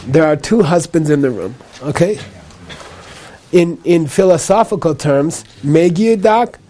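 Mellow-voiced man teaching a class. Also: a little high, measured pace. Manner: repetitive, checks in with "okay?" after each point; patient explaining with a light laugh. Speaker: Buddhist teacher. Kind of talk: live lecture to a class.

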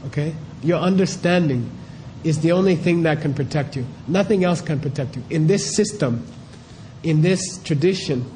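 Middle-aged male teacher, slightly high mellow voice, casual conversational delivery, peppers his talk with rhetorical questions. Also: slight background noise. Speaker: spiritual teacher.

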